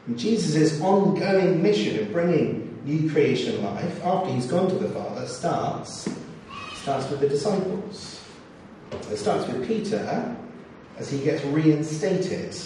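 A man's voice: fairly high pitch, slow, a little hiss or hum. Man preaching in an echoey hall. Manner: expressive, acts out scripture quotes. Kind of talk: sermon. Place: church or hall. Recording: echoey hall, distant mic, faint ambience.

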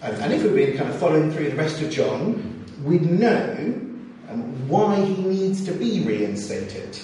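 A man preaching a sermon in a church, expressive and acting out the quotes he reads. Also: on the high side, unhurried, slight background noise. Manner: expressive, acts out scripture quotes. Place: church or hall. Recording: echoey hall, distant mic, faint ambience.

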